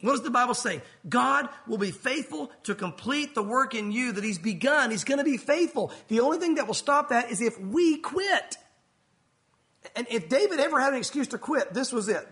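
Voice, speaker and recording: A man with a high-pitched voice delivers a sermon from the pulpit. He preaches earnestly and steps into the voices of the people in his story now and then. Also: sing-song, moderate pace, a bit bright. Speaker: pastor.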